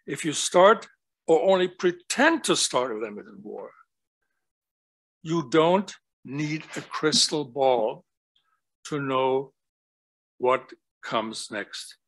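A man giving an academic talk, animated and storytelling, often asking rhetorical questions. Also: mid-range voice, slow, long pauses, poor audio. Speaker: guest lecturer.

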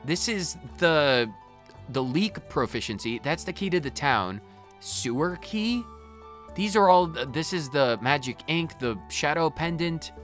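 A man narrates his own gameplay with giddy, gushing enthusiasm, exclaiming again and again. His pitch swings widely from low to high as he reacts. Soft game music plays faintly behind him. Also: unhurried. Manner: gushing, excitable, repeatedly exclaiming. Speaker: gaming channel host. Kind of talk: let's play commentary.

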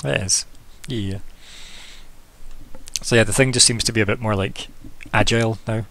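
A man's voice: fairly low pitch, fairly even intonation, normal speed, creaky, a bit bright. A man as game master of a tabletop game, chatting casually and throwing in sound effects.

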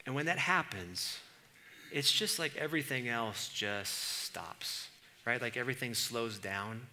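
A male pastor preaching a conversational sermon in church, moving from casual asides to loud, exasperated comic readings. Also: medium pitch, measured pace, a little hiss or hum.

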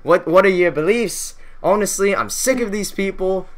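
A man's voice: high-pitched, normal speed, pitched above the performer's own voice, lightly acted. A man voicing a bitter old-school male hardliner, raised and scornful as he declaims.

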